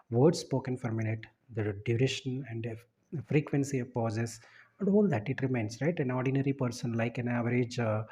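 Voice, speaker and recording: A man's voice: mid-range voice, a little mellow, slightly rough. A man giving an explanatory lecture, often ending points with a checking "right?".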